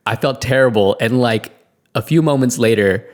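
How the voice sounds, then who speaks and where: A podcast co-host with a mid-range voice tells a story at normal speed during casual chat. He's animated, laughing as he acts out the voices of the people involved.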